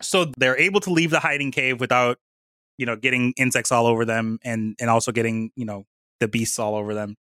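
A man casually recapping a book plot in a rambling way, slipping into quick voices for the characters. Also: medium pitch, steady tone, bright, forceful tone, no echo. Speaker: podcast co-host recapping a book. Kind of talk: casual chat.

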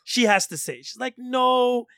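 A middle-aged man in casual chat, telling an animated story, laughing often and swearing freely. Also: very high-pitched, a little slow, clean tone, no room sound, clean studio sound. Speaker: storytelling guest.

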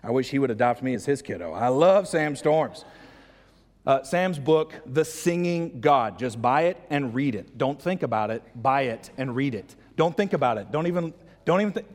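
A man preaching a sermon as pastor, casual and animated, breaking into excited high-pitched voices to act out lines. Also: moderate pace. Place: church hall. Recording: long hall reverb.

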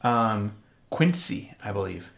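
A man co-hosting a casual beer-tasting podcast, talking in an animated way with quick restarts. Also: on the low side, vocal fry. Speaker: podcast co-host. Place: Austin.

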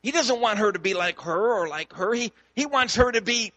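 A man's voice: sits high, moderate pace, few pauses, big-room sound. A man, a pastor, preaching a sermon and telling a story, acting out the dialogue. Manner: storytelling, animated, acts out dialogue.

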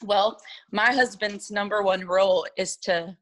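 A woman's voice: medium pitch, steady tone, a little slow, fairly bright tone, rough recording. A woman lead pastor, from the United States, telling an earnest and emotional testimony in a podcast interview.

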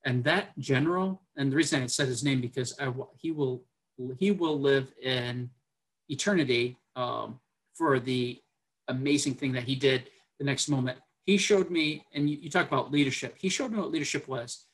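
A man's voice: medium pitch, moderate pace, fairly bright tone, slightly rough, poor audio. A man, a military officer, tells a personal story to a podcast host in an earnest, unpolished way. His speech is full of fillers, and he often acts out quoted dialogue as he goes.

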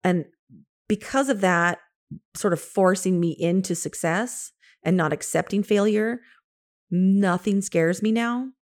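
A woman in her fifties, an interior designer and coach, telling stories from her career in an animated way, laughing often and acting out what she said to others. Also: medium pitch, unhurried. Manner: animated, laughs often, quotes herself in lively asides. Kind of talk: casual storytelling.

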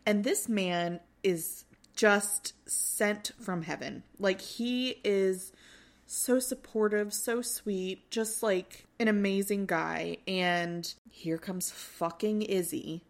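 A woman co-hosts a podcast, casually recapping a reality show in a medium-pitched voice at a slow pace. She's animated and swears freely while acting out what people said.

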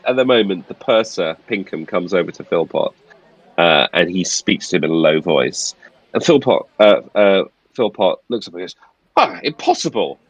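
A man narrating a tabletop horror game as game master, casual and halting with frequent restarts. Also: low voice, lively intonation, no echo, rough recording.

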